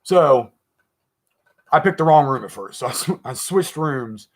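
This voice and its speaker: Brief: man, mid-pitched, loose rambling storyteller, live-chat guest, laughs as he goes. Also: animated, unhurried. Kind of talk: casual storytelling on a live stream.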